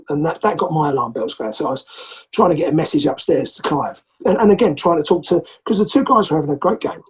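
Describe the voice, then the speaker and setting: On a rough recording, a man with a high-leaning, breathy voice shares a story as a podcast guest. Once a rugby player and English by origin, he tells it animatedly, putting on the voices of the people he quotes.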